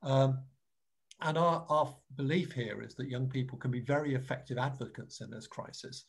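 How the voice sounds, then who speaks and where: A man's voice: medium pitch, normal speed, vocal fry, husky. A man with a British accent giving an earnest, explanatory webinar presentation over a video call, often repeating words as he explains.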